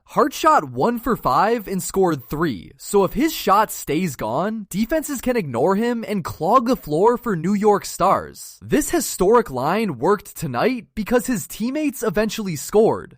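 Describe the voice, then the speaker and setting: A narrator giving a scripted basketball stats breakdown, with a lively voice that swings up and down in pitch. The delivery is punchy and lands hard on every number. The recording is dry and close, with no room sound. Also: measured pace, hardly any pauses, no echo. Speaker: sports video narrator.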